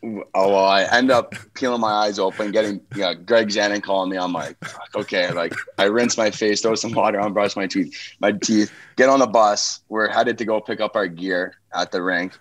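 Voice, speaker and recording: A man's voice: on the low side, steady tone, normal speed, fairly bright tone. A man from Canada, a hockey player guest, telling easygoing, self-mocking stories in casual interview chat.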